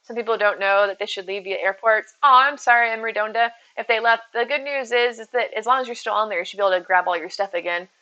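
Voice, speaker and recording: Woman streamer, bright tone, easy casual chatter aimed at viewers. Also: fairly high pitch, fast, few pauses, dull audio. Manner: chatty, reads out and answers viewer messages. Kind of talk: casual live-stream chat. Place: at home with her cats.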